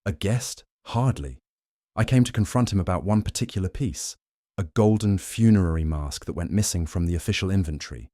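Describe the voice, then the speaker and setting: A man's voice: sits low, a little fast, dark tone, no room sound, clean studio sound, natural voice. A man doing a bitter, indignant rival. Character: bitter middle-aged male rival collector.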